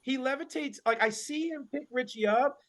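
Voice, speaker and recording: A male wrestler telling a story in a casual interview, animated and full of fillers and slang. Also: very high-pitched, moderate pace. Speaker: wrestler guest.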